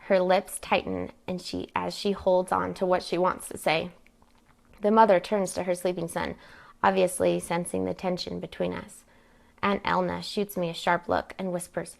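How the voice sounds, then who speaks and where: A woman reading her own novel aloud at a live event, narrating in first person with measured pacing. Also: fairly low pitch, little pitch movement, gravelly. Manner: measured, plain narration with occasional slips.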